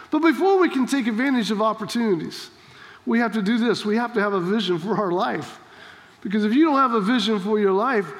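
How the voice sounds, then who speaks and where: High-voiced man preaching in a hall. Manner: emphatic, rhetorical questions, rising to shouts. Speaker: pastor. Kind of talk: sermon. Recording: long hall reverb.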